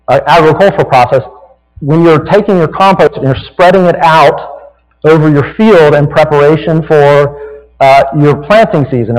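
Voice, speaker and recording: A pastor with a Southern American accent preaches a folksy, conversational sermon, often tagging his points with "right?". His voice sits somewhat high for a man, and it rings with the long reverb of a large sanctuary.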